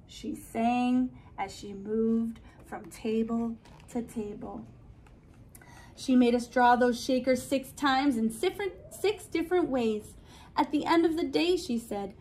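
A woman reading a children's storybook aloud with an expressive, careful delivery. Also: on the high side, slow.

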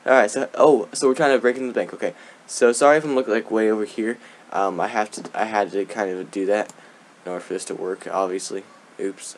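A man's voice: on the low side, a little hiss or hum. A young man giving casual, rambling gameplay commentary, giggling often and tossing in sarcastic asides. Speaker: let's play gamer.

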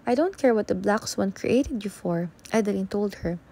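A woman reading aloud as a gentle adoptive mother, soft and reassuring. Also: medium pitch, animated, normal speed. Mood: tender. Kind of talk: audiobook reading.

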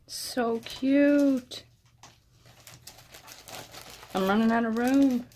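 Female vlogger unboxing crafts, high-ish voice, unhurried, gasping and gushing. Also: slight background noise. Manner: gushing, breathy gasps of delight; soft-spoken, addresses her friend directly. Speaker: crafting vlogger opening mail. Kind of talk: casual unboxing chat.

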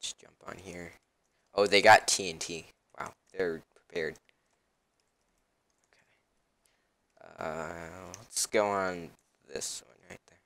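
A man's voice: low-pitched, fairly even intonation, slow, pauses often, fairly bright tone, dry recording. A young man casually commenting on his own gameplay as a channel host, rambling with lots of ums and uhs.

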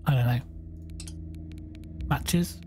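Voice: extremely slow, darkish tone, soft background music. A game streamer gives bemused live commentary, thinking aloud and exclaiming at what happens.

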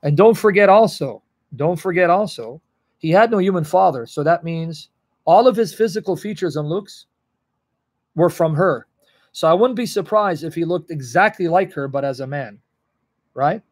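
Earnest, emotional man, slightly high voice. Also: expressive, normal speed. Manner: emotional, earnest, addresses viewers by name. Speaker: Bible teacher. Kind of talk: livestream teaching answering chat.

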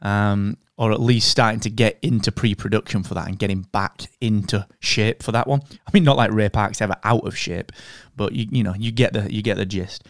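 A man's voice: fairly low pitch, fairly even intonation, a little fast, hardly any pauses, no echo, studio quality. A man co-hosting a podcast, chatting casually with friendly enthusiasm. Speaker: podcast co-host. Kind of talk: casual chat.

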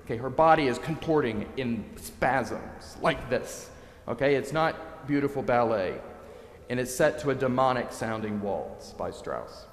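Preacher in an echoey church. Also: male voice, medium pitch. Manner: animated storyteller, dramatizing quotes. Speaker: priest. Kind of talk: sermon. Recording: echoey church, long reverb.

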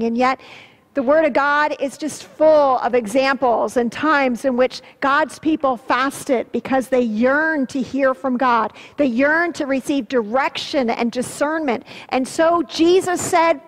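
A woman pastor giving an earnest sermon, swelling with emphasis and dropping low and soft on solemn words. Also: unhurried. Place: church sanctuary. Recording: long church-hall reverb.

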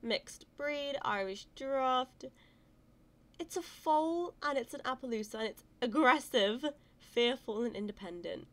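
A woman giving casual let's-play commentary, excitable and gushing, cooing over cute animals. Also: sits high, measured pace. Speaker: gaming channel host.

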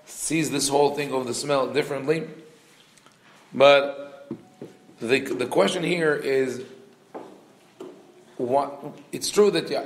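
Rabbi teaching in an echoey room. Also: male voice, mid-range voice, vocal fry. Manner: conversational teaching, quotes dialogue, frequent restarts. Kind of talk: Torah lecture.

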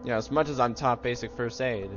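A man's voice: mid-range voice, steady tone, quick pace, muffled recording. A young man giving rambling, jokey commentary while playing a horror game, slipping into playful silly voices. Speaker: gaming YouTuber. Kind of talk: casual let's-play commentary. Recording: music playing underneath.

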